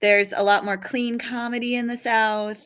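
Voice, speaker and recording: Bright-voiced chatty comedian woman. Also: on the high side, clear, resonant tone. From Western New York. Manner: chatty, animated, quick to joke. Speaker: comedian guest. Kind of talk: casual interview chat.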